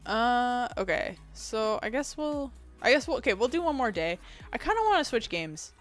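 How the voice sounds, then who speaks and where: A woman game streamer with a fairly deep voice, chatting casually with her live audience. She reads out chat messages, answers them and laughs often. Faint music plays behind her. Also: big pitch swings, moderate pace. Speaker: game streamer and video editor.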